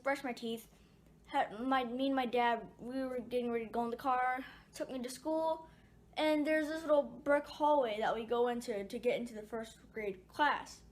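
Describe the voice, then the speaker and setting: Chatty female vlogger, slightly high, rambling storytelling. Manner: chatty, rambling with ums and restarts. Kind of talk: casual storytelling.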